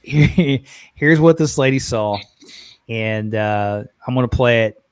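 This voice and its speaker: A man hosting a live podcast, chatting casually and excitedly, often repeating words as he goes. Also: mid-range voice, clean tone, no room sound. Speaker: podcast host. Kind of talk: casual live-stream chat.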